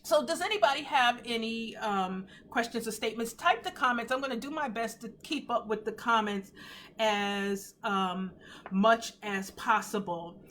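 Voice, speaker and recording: A woman in her fifties speaks on a home live stream in a fairly high voice, earnest and teary. Her pitch swings up when she is moved. A faint hiss sits under her voice. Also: normal speed. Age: 50s. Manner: earnest and emotional, tearful at times, animated swings in pitch. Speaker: host of a faith livestream. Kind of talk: casual live talk, testimony.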